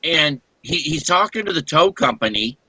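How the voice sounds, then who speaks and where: A man hosting a relaxed gamer hangout, rambling through stories and laughing along. His voice has a bright edge and the sound is dry and close, with no room around it. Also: a little high, normal speed, husky, no echo, rough recording. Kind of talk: casual chat.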